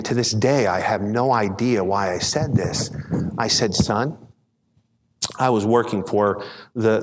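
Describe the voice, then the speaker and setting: A man's voice: on the low side, in a large hall, slight background noise. A man preaching a conversational midweek sermon as pastor, telling folksy stories and often repeating words as he starts sentences.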